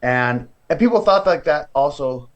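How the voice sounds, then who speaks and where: A man's voice: a little high, moderate pace, dull audio. A man from California, a professional wrestler, telling his story as a guest in a casual interview and acting out the voices of the people in it. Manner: lively storyteller who acts out other people's voices.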